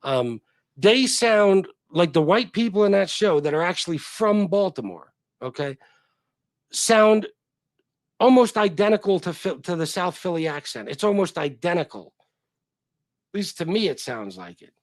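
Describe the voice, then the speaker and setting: A man hosts a casual livestream, rambling and cursing freely as he chats with his viewers. His voice sits a little high for a man and swings lively up and down. The sound is close and dry. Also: normal speed, dry recording. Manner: rambling, profane, chatting with viewers. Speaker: livestream host. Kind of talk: casual chat.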